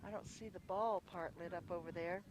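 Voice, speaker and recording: On live radio, a commentator calls a small-town baseball game from a windy open-air ballpark, with the field's noise clearly audible beneath him. His middling-pitched, fairly even delivery moves quickly and has a folksy, chatty feel as he checks details out loud and corrects himself.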